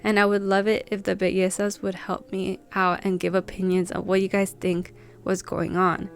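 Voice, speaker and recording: A woman's voice: mid-range voice, little pitch movement, normal speed. A woman hosting a channel, reading viewers' submitted stories aloud and chatting casually about them.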